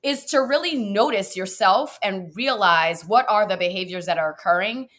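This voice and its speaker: A woman coach talking in a podcast conversation, animated and expressive, acting out little quotes as she speaks. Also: medium pitch, normal speed. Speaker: guest coach.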